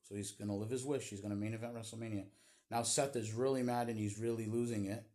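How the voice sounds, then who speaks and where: A man with a somewhat low-pitched voice talks through a wrestling show in a casual vlog recap. He tells it as a running story and freely gives his opinions along the way. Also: fairly even intonation, fast, warm tone. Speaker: wrestling vlogger.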